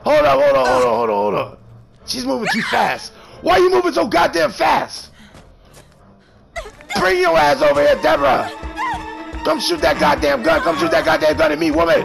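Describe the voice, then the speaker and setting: A man streams a horror game and taunts the other players in loud, cursing, mock-threatening bursts. His voice is very high and full of gravelly fry. Loud game music runs behind him. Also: very animated, normal speed, long pauses. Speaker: gamer streamer. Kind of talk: trash-talking gameplay commentary.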